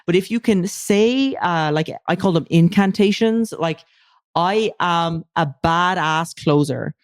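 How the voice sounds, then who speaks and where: A woman's voice: on the low side, unhurried, no echo, clean studio sound. A woman speaking as a guest coach in a casual podcast interview, emphatic and loose, with casual swearing.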